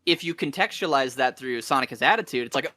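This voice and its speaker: A man's voice: mid-range voice, lively intonation, fast, sharp tone, no echo. A man talking as a guest in a casual chat, thoughtful and a bit hesitant, with many fillers. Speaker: guest, co-writer of a retrospective.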